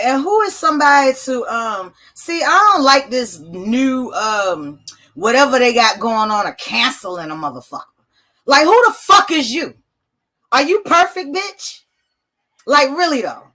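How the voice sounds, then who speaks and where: A woman's voice: on the high side, a bit bright. A woman hosting a casual livestream, rambling and swearing freely as she answers her viewers' chat. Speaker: livestream host.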